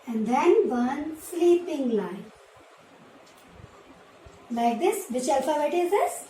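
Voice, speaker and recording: A woman with an Indian English accent teaches nursery children in a high voice, saying each word slowly and repeating it so they can follow. She sounds a little away from the mic in a roomy space with faint noise behind her. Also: expressive, darkish tone, far from the mic. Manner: repeats words slowly and clearly for children to copy. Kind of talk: slow, patient classroom teaching to small children.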